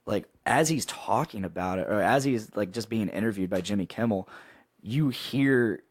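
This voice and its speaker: A man's voice: fairly low pitch, lively intonation, moderate pace, slightly rough, no echo. Dry rambling male podcast host. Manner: rambling, laughing, many restarts. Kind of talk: casual chat.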